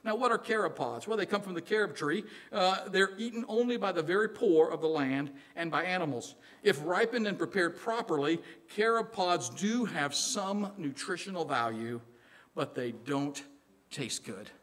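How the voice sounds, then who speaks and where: A man from Illinois with a Southern accent, preaching a sermon in an animated, joking way, dropping quiet for emphasis. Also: sits high, moderate pace. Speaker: pastor.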